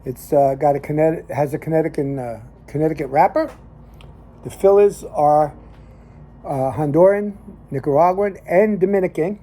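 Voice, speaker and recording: This is a cigar show host and lay minister, an older New Jersey man with a Northern New Jersey accent, spinning a rambling, folksy story with plenty of fillers. His voice sits a little high with a dark tone, and he talks at a normal speed in a casual storytelling monologue.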